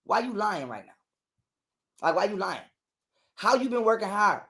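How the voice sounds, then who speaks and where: A man's voice: high-pitched, big pitch swings, normal speed, sharp tone. A man telling a heated, profane story as a guest on an interview show. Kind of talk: casual storytelling.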